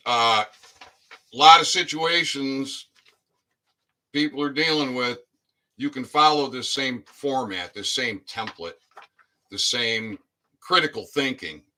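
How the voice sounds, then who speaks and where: Explaining his court filing in an informal vlog, a man reads documents to his followers, slowing on key phrases and often saying "all right?" His voice is mid-range, pushed and bright.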